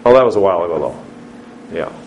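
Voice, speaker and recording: Lively preacher in an echoey church. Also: male voice, deep voice, a little fast, dull audio, a little hiss or hum. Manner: quizzes the congregation with questions. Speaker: pastor. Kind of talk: sermon. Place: church sanctuary. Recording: roomy church echo.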